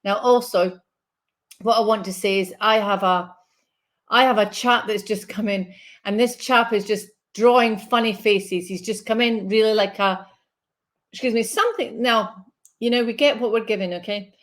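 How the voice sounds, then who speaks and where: A woman's voice: mid-range voice, normal speed. Soothing woman giving a medium reading. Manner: soothing, reassuring, checks in with frequent "okay?". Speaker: spiritual medium. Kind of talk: live online reading.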